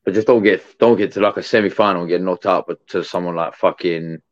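A man's voice: low-pitched, steady tone, fast, no echo, highs cut off. A man chatting casually as co-host, slangy, rambling and swearing freely. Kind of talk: casual chat.

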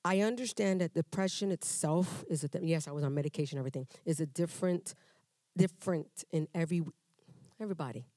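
A woman shares her personal testimony before a congregation in a church. She talks in a conversational, animated way, acting out dialogues with humor and restarting her sentences as she goes. Her voice sounds dry and close, with little room sound. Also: low voice, fast talker, no echo. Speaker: church member giving testimony.

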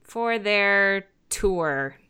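A woman co-hosting a podcast, chatting casually as she recaps a TV episode and retells scenes with animated quoted lines. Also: mid-range voice, extremely slow, smooth. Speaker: podcast co-host.

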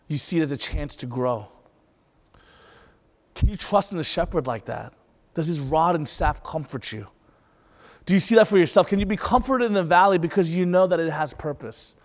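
A man's voice: a little high, long reverb tail. A young man preaching a sermon in a conversational way, with rhetorical questions and light laughs. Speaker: pastor.

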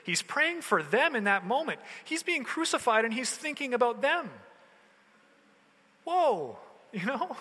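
A man's voice: very high voice, big pitch swings, measured pace, pushed and bright. A male pastor giving a sermon in a loose, conversational way, full of everyday slang. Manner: casual, conversational preaching with slang. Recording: long hall reverb.

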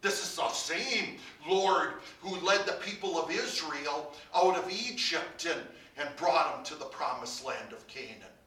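A man preaching a sermon as pastor, building to emphatic peaks and dropping to quiet, low lines. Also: animated, a little slow, few pauses, far from the mic. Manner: preaching with rising emphasis and soft drops. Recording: roomy, from off the mic.

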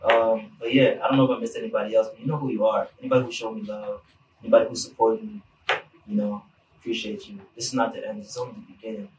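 Relaxed male guest, rambles casually, mic set back in an echoey room. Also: on the low side, quick pace, background noise. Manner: laid-back, rambling, many fillers. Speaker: podcast guest. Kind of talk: casual chat. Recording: roomy, distant mic, faint ambience.

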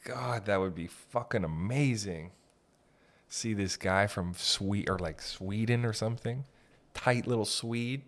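A man's voice: on the low side, unhurried. A man hosting a casual comedy podcast, ranting in a profane, rambling way and laughing often. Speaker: podcast host.

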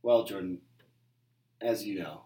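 A man co-hosting a podcast, chatting casually with quick, sarcastic, deadpan jokes. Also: fairly low pitch. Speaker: podcast co-host. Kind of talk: casual chat.

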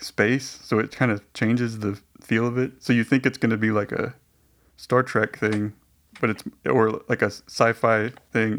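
A man hosting a casual online voice chat, rambling with many hesitations. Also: medium pitch. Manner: rambling, hesitant, lots of restarts and likes. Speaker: podcast host.

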